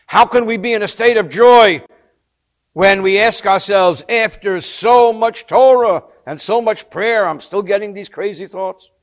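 A man's voice: sits high, unhurried. A man teaching a religious text, telling a story with expression and explaining Hebrew terms in English. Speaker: Torah teacher. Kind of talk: textual study lesson with storytelling.

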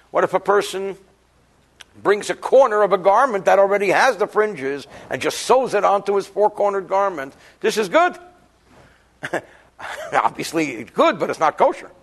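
His voice is gravelly and on the high side. This rabbi delivers a daily lesson on Jewish law in a joking, chatty style, explaining Hebrew passages and weaving Hebrew terms throughout.

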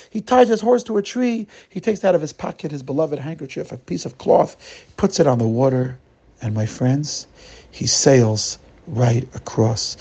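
A man telling a story as a lesson, dramatic and animated, with sudden rises and drops. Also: on the high side, normal speed, vocal fry, husky.

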